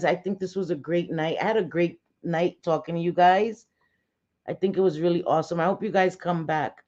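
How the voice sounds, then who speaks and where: A woman's voice: low voice, darkish tone. Woman, New York accent, middle-aged, blunt casual livestream chat, slightly muffled lo-fi audio. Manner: blunt and chatty, curses freely. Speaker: livestream host. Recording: slightly dull lo-fi sound.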